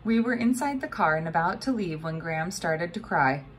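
Woman narrating a storybook, lower voice. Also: moderate pace, slight background noise. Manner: expressive storytelling reading. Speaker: audiobook narrator. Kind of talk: scripted narration.

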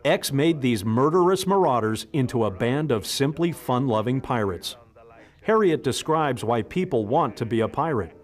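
A man giving scripted documentary narration in an even, informative way. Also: mid-range voice, moderate pace.

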